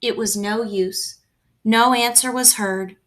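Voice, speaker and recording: A woman reading a children's book aloud at home, in a gentle, expressive storytelling manner. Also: on the high side, slow. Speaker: reader.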